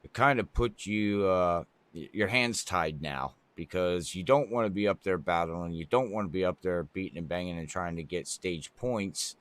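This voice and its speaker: A man giving color commentary on a sim racing event, rambling through relaxed analysis. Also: sits low, moderate pace, few pauses, clear, resonant tone.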